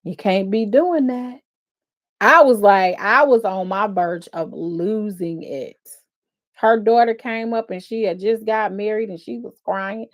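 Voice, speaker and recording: A defense attorney who hosts a live stream talks about a court case with medium pitch and a measured pace. She's openly emotional, expressive, and sighs often between thoughts.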